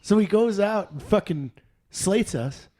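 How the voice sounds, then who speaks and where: A man's voice: high-pitched, expressive, a little slow, mellow. A man co-hosting a casual podcast chat, who talks bluntly and profanely and repeats himself to press his point. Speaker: podcast co-host.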